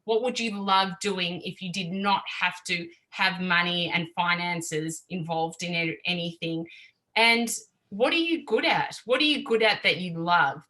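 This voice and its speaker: A woman's voice: on the low side, measured pace, poor audio. A woman, a podcast guest talking openly and emotionally in casual interview chat. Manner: emotional, openly expressive, laughs easily.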